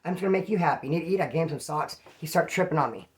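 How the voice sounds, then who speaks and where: A man rattling off a rough personal story at a fast clip. His talk is loose and profane, full of street slang, and gets animated as he goes. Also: fairly high pitch. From California. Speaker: vlogger. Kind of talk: casual storytelling to camera.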